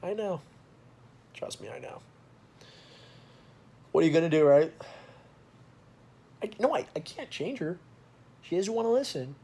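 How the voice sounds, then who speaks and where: A man's voice: fairly high pitch, big pitch swings, measured pace, pauses often, warm tone. A young man talking casually to his viewers in a candid, rambling vlog, swearing freely. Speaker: vlogger.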